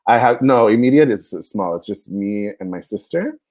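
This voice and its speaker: A man's voice: lowish voice, lively intonation, moderate pace, a little mellow, dry recording. A male comedian, a guest on a casual podcast, who tells a story and laughs at his own punchline. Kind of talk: casual chat.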